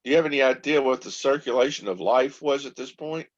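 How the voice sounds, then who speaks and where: Hesitant man on a muffled call. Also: mid-range voice. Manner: hesitant, halting. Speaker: student asking a question.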